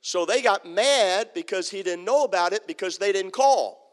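High-voiced pastor preaching in a reverberant sanctuary. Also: male voice, moderate pace. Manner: storytelling, animated, with acted-out quotes and humor. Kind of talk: sermon. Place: church sanctuary.

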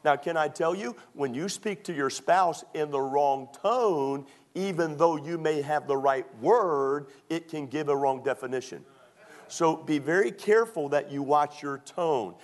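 Folksy preaching man, slightly high voice. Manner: folksy, conversational preaching with many fillers; quotes scripture and asks the congregation to respond. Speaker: pastor. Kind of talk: sermon.

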